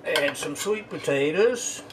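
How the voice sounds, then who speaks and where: Slow, wry man cooking at home. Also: a little high, expressive, heavy background noise. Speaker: home cook. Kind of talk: relaxed cooking narration. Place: home kitchen.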